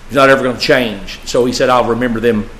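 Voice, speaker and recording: Male pastor, preaching style that swells loud then drops to a hush. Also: fairly even intonation, fast talker, slight background noise, poor audio. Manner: preaching, swinging from loud emphatic peaks to low hushed phrases. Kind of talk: sermon.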